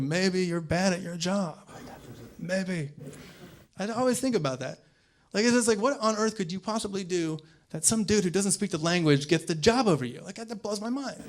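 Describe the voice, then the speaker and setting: A young man from the American South performing a stand-up set in a comedy club, talking quickly and acting out voices with sudden loud bursts. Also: high-pitched.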